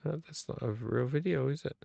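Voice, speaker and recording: A man's voice: medium pitch, a little fast, creaky, warm tone, dry recording. A man hosting a late-night live vlog, a bit tipsy from beer, rambling and blunt and swearing freely. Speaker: livestream host.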